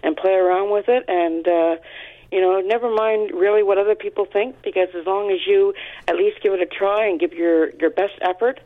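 A woman's voice: medium pitch, steady tone, a little fast. A woman calling in to a radio show, earnest and encouraging. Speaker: caller. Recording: tinny phone line.

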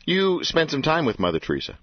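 A man's voice: on the high side, huge pitch swings, a little fast, dry recording. A man hosting a radio interview, joking and teasing his guest, on a dull lo-fi radio recording. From Canada. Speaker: radio host.

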